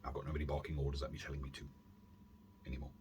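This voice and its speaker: A man hosting a casual airsoft gear vlog from his warm room at home, rambling along with self-deprecating asides and filler words. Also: a bass voice, little pitch movement, racing, slight background noise. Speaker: airsoft YouTube channel host. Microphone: camera on a stand.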